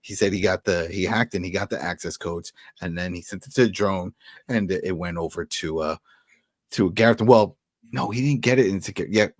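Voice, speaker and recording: A man co-hosting a casual TV recap chat, retelling scenes in animated bursts with restarts. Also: low voice, a little fast, dry recording, studio quality. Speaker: podcast co-host.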